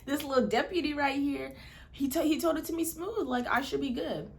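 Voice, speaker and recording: Animated young woman telling a story. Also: high-pitched, a little fast. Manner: animated, acting out quotes, many fillers. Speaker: vlogger. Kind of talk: casual storytelling.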